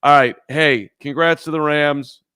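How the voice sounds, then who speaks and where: On a laid-back sports podcast in Chicago, a male co-host stumbles through a rambling tale full of restarts. His voice is a little high, steady and sharp, delivered at a measured pace with a clean, studio-quality sound and no room noise.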